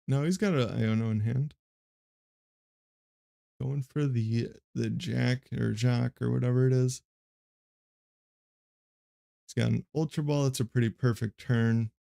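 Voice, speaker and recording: Monotone young man with gravelly voice. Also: medium pitch. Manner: monotone, rambling with many fillers. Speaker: streamer commenting on a card game match. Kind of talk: casual live play-by-play commentary.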